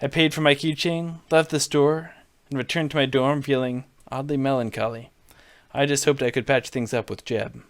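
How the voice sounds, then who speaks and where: A man's voice: mid-range voice, steady tone, normal speed, no echo. Young man reading game text dryly. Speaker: let's play host. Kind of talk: playing and reading aloud a dating game.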